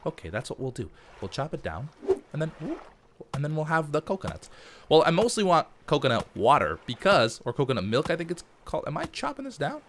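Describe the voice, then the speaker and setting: A man talking his way through a survival game, chatty and playful, narrating each move and joking to himself. His pitch swings widely from line to line, rising and falling as he reacts. It is casual gameplay commentary, loose and unscripted. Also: huge pitch swings, fairly quick, background noise. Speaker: let's play host.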